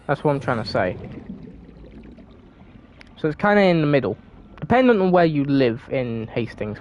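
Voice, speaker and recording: A woman's voice: very deep voice, lo-fi sound, a little hiss or hum. A woman with a southern English accent, from England, chatting casually while streaming a game, sweary, giggly and rambling.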